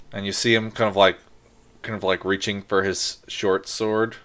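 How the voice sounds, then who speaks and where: Low-voiced man running a tabletop game. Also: normal speed. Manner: relaxed, rambling with many fillers. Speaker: game master.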